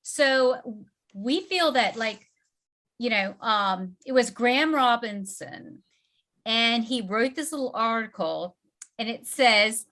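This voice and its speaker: A Southern woman hosts a relaxed online book club, chatting loosely with plenty of fillers. Her voice sits fairly high and sounds bright and forceful. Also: slow pace. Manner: chatty, filler-heavy, laughing often. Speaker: host. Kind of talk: casual webinar hosting.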